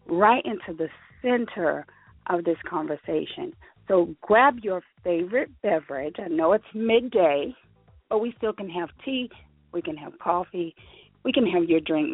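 A woman hosting a live internet radio talk show, bubbly and excitable, laughing often and out of breath. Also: medium pitch, slightly rough, dry recording. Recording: phone-line quality, dry.

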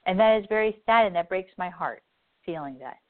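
A woman's voice: lowish voice, expressive, a little fast. A woman radio host and spiritual advisor talking in a heartfelt, earnest way and repeating herself for emphasis. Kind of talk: emotional spiritual talk. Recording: tinny phone-like line.

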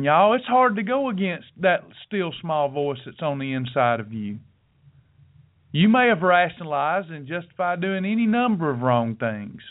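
A middle-aged man hosts his podcast like a preacher, folksy and direct with his listeners. His voice sits high for a man. The sound is thin and tinny, like a phone line. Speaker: podcast host. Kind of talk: preachy motivational talk.

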